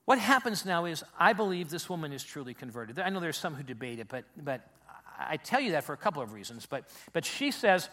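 A man's voice: on the high side, big pitch swings, fairly quick, fairly bright tone. A man preaching a sermon in a conversational, emphatic way, repeating phrases for stress.

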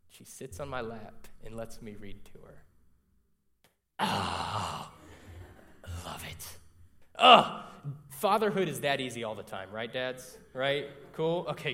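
A man's voice: medium pitch, fairly bright tone. Conversational young male preacher. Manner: conversational, frequent "right?" asides to the congregation. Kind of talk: sermon with personal storytelling.

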